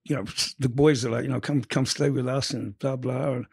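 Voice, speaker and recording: A middle-aged man from England telling stories in a casual interview, profane and animated. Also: medium pitch, brisk, gravelly, breathy edge. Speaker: interview guest.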